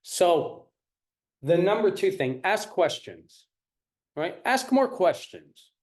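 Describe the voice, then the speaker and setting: A man's voice: high voice, sing-song, slow, darkish tone. A man teaching a live-streamed parenting class. He repeats his points and keeps checking in with the audience. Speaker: parenting coach.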